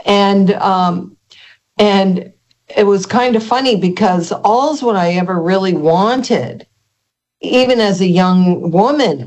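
An older woman, a guest in an interview, telling her personal testimony in an earnest, halting way with many restarts. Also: medium pitch, a little mellow.

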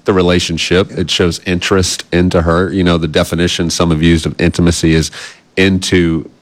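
A man's voice: low voice, level tone, quick pace. A male guest on a talk show, earnest and reflective. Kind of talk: conversational interview.

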